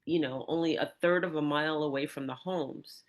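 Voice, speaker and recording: A woman podcast host telling a personal story in an interview, animated, with many restarts and acted-out moments. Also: low voice, brisk. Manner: animated storyteller, many restarts, acts out her own yelling.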